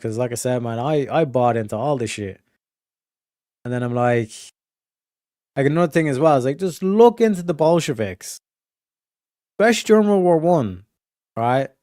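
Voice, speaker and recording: A man streaming a casual, rambling monologue, swearing constantly and full of fillers and restarts, going from emphatic to low muttered asides. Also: darkish tone, no echo, clean studio sound. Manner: profane, filler-heavy, restarts often. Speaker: streamer hosting a study session.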